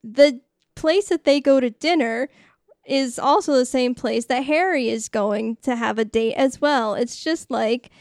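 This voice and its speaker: A woman's voice: sits high, measured pace, darkish tone, dry recording, studio quality. A woman co-hosting a podcast, recapping a movie in casual chat with giggles and acted-out lines. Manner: chatty, giggly, acts out characters' lines. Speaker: podcast co-host.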